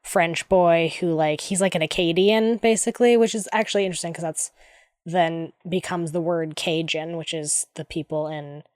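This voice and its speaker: A woman's voice: on the low side, steady tone, normal speed, darkish tone, no echo, clean studio sound. A woman co-hosting a podcast, chatting casually about a book with lots of fillers and rambling asides. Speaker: podcast co-host. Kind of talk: casual book discussion chat.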